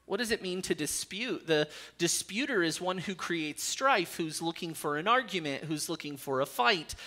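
Male pastor, earnest sermon delivery with dry humor, high bright voice. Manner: earnest preaching with dry jokes.

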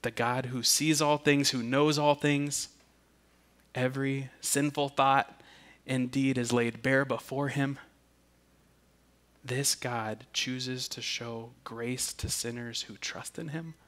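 A man preaching a sermon, deliberate and earnest, often repeating a word as he restarts. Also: medium pitch, little pitch movement, fairly bright tone. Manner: slow and deliberate, with emphatic restarts. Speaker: pastor.

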